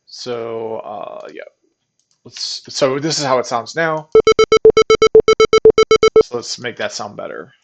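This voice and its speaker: A man giving casual, rambling commentary while testing an app he built, excited and full of restarts. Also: medium pitch, slow, long pauses, over music. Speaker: programmer testing his own app. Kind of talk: casual screen-recording commentary.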